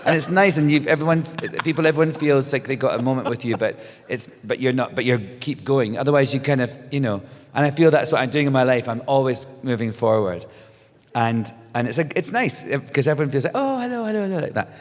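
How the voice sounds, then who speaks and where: A man's voice: medium pitch, fairly quick. A middle-aged man, a guest telling stories in a casual onstage conversation, with many restarts and frequent laughter. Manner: animated storyteller, restarts, laughs often. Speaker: guest author. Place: stage before a live audience. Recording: long hall reverb.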